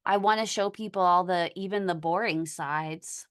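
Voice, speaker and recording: A woman hosting a casual podcast chat, speaking earnestly and haltingly with many pauses. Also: fairly low pitch, fairly bright tone, smooth. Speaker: podcast host.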